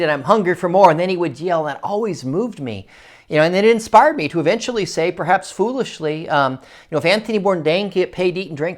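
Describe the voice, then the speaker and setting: A man telling a personal story in a casual, rambling monologue, often breaking off and restarting his sentences and growing animated at the exciting parts. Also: fairly high pitch. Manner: rambling, self-interrupting, animated when excited.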